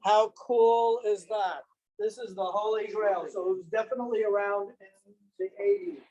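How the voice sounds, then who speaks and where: A man's voice: sits high, expressive, normal speed, darkish tone, recorded from a distance, dull audio. Playful man presenting to a room. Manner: playful, jokey, teasing the audience. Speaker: presenter of antique inventions. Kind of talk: lively show-and-tell presentation. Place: senior center room.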